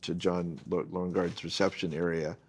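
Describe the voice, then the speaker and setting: Deep-voiced man telling a story. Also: normal speed, husky. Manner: animated anecdote-telling, acts out quoted people. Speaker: guest photojournalist. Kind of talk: storytelling in a casual conversation.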